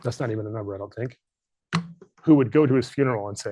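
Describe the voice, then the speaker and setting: A man's voice: on the low side, quick pace, pauses often, warm tone, dry recording. A middle-aged man leading a leadership workshop, speaking earnestly and candidly, fighting back tears. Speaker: leadership trainer. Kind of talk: emotional workshop talk. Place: training room.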